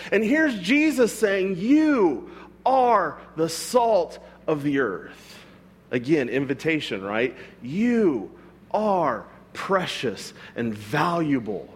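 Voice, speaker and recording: A man's voice: sits high, breathy edge. A man, a pastor, preaching a sermon in a conversational way, with frequent rhetorical asides to his congregation.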